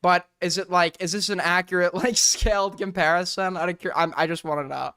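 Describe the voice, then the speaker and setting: A man's voice: high-pitched, fairly even intonation, fairly quick, pushed and bright, clear, resonant tone. A man streaming, reacting to a video clip with sarcastic, rambling commentary and bursts of laughter.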